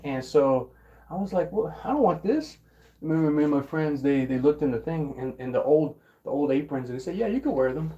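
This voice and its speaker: A young man casually telling a rambling story about his old job, often restarting words and clearing his throat. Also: on the high side, fairly quick, mellow, highs cut off. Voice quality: occasional throat clearing and coughing. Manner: rambling, repeats words and restarts, mimics coworkers in quotes. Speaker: vlogger.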